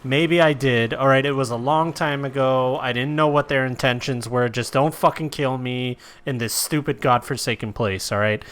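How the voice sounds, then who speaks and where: A man's voice: mid-range voice, normal speed, hardly any pauses, lightly acted. A man doing a jittery shady arms dealer. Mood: nervous. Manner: rambling, defensive, loud protests. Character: nervous shady male arms dealer, defensive.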